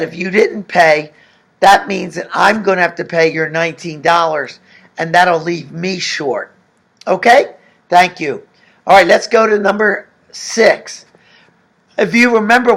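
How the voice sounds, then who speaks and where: A man's voice: high voice, gravelly, fairly bright tone. A man teaching a recorded language lesson, patiently explaining and asking the class questions. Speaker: Spanish teacher.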